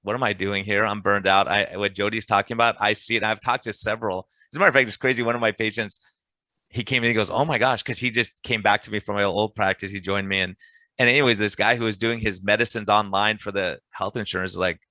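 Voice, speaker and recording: Fast-talking bright-voiced man. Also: fairly low pitch, dry recording. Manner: joking, animated storytelling. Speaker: podcast host, physician. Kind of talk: casual podcast chat.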